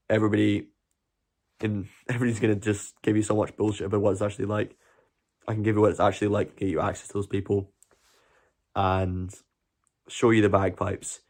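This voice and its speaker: A Scottish man hosting a live stream, chatting earnestly and rambling to his viewers. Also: on the low side. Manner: earnest, rambling, talks to chat. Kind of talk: casual live stream chat.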